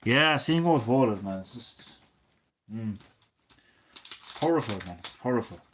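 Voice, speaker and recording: A man in his thirties, chatting casually and swearing a lot as a gaming streamer, drifting between loud remarks and mumbled asides. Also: mid-range voice, lively intonation, a little slow. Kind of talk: casual rambling commentary.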